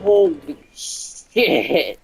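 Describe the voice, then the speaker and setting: Over faint background music, a gameplay streamer offers casual commentary at a very slow pace. He's excitable, swearing and yelping whenever he panics.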